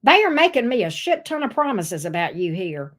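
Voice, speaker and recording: A woman's voice: fairly high pitch, sing-song, brisk, fairly bright tone. A woman giving a casual tarot reading, blunt and sassy, swearing freely. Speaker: tarot reader.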